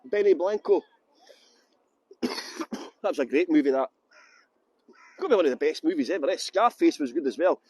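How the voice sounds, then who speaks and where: A man's voice: a little high, lively intonation, moderate pace, pauses often, a little mellow, breathy edge, no room sound. A middle-aged tour guide chatting casually on a livestream outdoors in a busy city, joking and rambling as he greets viewers by name into a handheld phone.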